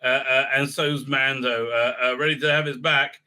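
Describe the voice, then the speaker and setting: Very bright-voiced man rambling a review. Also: mid-range voice, fairly even intonation, moderate pace, clear, resonant tone. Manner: rambling, mocking, many fillers. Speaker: video reviewer. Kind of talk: casual review commentary.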